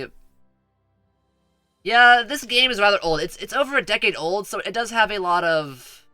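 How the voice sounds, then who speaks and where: Male streamer, high voice, very bright and tense tone, dry close sound, rambling stuttery commentary, faint music behind. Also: smooth, dry recording. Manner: rambling, stuttering, chatty with viewers. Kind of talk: casual gameplay commentary.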